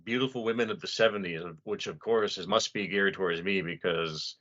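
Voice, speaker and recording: A man's voice: deep voice, fairly quick, fairly bright tone. Blunt, profane man on a lo-fi podcast. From US East Coast. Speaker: podcast co-host. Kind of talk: casual chat. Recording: dull lo-fi sound.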